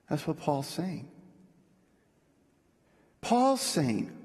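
A man preaching a sermon in a conversational way, dropping low and soft to make his points. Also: animated, slow pace, long pauses. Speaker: pastor. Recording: echoey hall.

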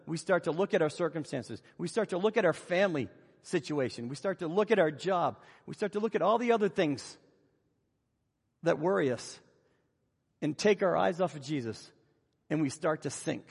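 A man delivering a sermon and retelling Bible scenes with animated storytelling. His voice sits high and has a husky edge. The sound rings with the long reverb of a large hall. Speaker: preacher.

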